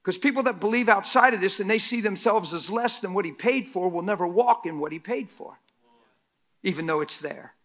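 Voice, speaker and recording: A male pastor preaching a sermon, asking rhetorical questions and swinging between loud emphatic lines and near whispers. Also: sits high, brisk. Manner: mocks critics in a quoted voice.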